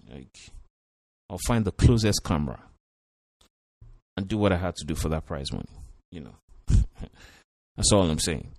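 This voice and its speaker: Blunt deep-voiced man. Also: expressive, normal speed, long pauses, a little mellow, no echo. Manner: blunt, profane, repeats "you know". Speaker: reality show commentator. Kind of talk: casual commentary.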